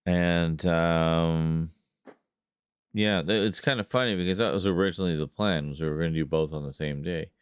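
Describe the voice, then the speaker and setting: A man's voice: low voice, moderate pace, clean tone, dry recording, studio quality. A man hosting a livestream, chatting casually with viewers, reading their messages aloud and laughing often. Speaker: livestream host.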